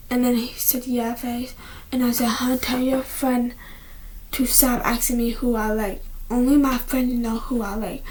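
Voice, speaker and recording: A fairly high, level voice, a little slow and mellow, belongs to a teenage girl vlogging at home. Her indoor chat is rambling and casual, with many restarts and frequent whispers.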